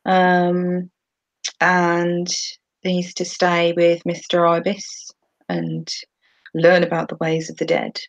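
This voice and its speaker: A chatty woman in a relaxed podcast conversation about a TV show, her voice sitting a little low. She laughs easily and keeps up an easygoing, informal flow. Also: takes it slowly, muffled recording. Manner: chatty, laughs often while talking. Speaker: podcast co-host. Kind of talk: casual chat about a TV episode.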